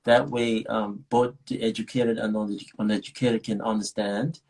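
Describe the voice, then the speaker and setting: Husky-voiced man from Nigeria, chatting loosely. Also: fairly low pitch, level tone, normal speed, a little mellow, low-quality recording. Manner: rambling, with many restarts and laughs. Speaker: actor guest. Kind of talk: casual interview chat.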